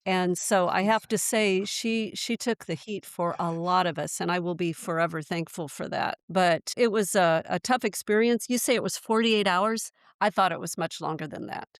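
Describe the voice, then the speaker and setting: American woman in her 60s, earnest, looking back, lowish voice, dry close sound. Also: moderate pace, few pauses, no echo. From United States. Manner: reflective, earnest recollection. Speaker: podcast guest. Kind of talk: casual reminiscing.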